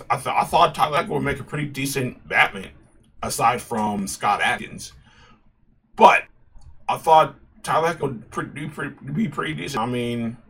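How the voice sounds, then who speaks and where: A man's voice: mid-range voice, husky. A man hosting his own video channel, talking casually and passionately about superhero films, often restarting and repeating himself. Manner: passionate, animated, with frequent restarts and repeated phrases. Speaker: YouTube commentary host. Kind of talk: casual opinion commentary.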